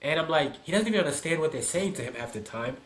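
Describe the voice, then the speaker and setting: Lively man acting out his stories. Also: a little high, quick pace. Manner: animated storyteller, acts out quoted people. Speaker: podcast co-host and soccer dad. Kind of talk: casual chat.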